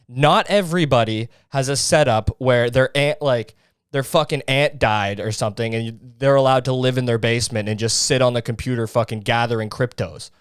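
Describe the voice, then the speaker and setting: A man's voice: mid-range voice, brisk, clear, resonant tone, dry recording, clean studio sound. A young man from Canada hosting a comedy podcast, ranting sarcastically and profanely in a rambling monologue. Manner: sarcastic, profane, rambling with mock-naive voices. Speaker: podcast host.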